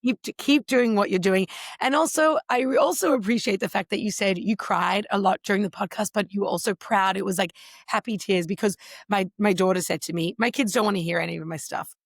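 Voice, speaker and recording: Brief: middle-aged woman, interview guest, animated storyteller, slight fry. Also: mid-range voice, a little fast, no room sound, studio quality. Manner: expressive, animated storyteller with voices. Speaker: podcast guest. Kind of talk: interview conversation.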